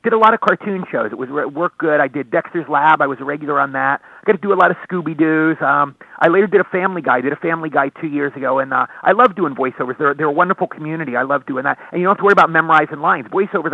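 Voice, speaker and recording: A middle-aged man chats at a rapid clip in a fairly high voice, rambling eagerly from one anecdote to the next. His voice comes through a thin, tinny phone line with no room sound at all. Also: creaky, dry recording. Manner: excitable storyteller, quick rambling delivery. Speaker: actor guest. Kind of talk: casual interview over phone.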